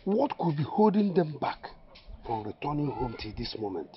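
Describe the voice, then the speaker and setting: A man's voice: fairly high pitch, big pitch swings, moderate pace, background noise. A man with a Nigerian accent playing an anxious husband fretting over missing relatives. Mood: worried. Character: worried married man awaiting missing kin. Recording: dull lo-fi audio.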